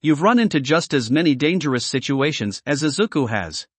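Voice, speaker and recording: A man's voice: on the high side, lively intonation, a little fast, breathy edge, no room sound. A man voicing a sarcastic, teasing teenage girl.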